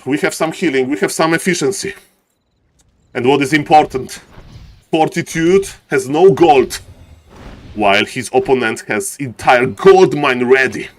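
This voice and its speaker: A man casting a live strategy-game match as an esports streamer, hyped and playful, with showman patter and rambling asides. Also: mid-range voice. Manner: hyped, showman patter, keeps saying "ladies and gentlemen".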